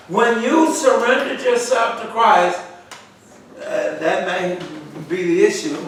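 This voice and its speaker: Bible study teacher in an echoey church room. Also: male voice, extremely high pitch. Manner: call-and-response questioning, repetitive emphasis. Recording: echoey room, far from mic, faint noise.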